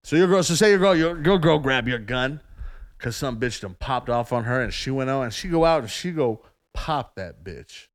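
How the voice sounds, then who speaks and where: A man's voice: medium pitch, expressive, moderate pace. A man, co-hosting a casual chat and posing hypothetical questions, often acting out what he would say. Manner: poses hypotheticals, acts out quotes. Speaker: podcast co-host.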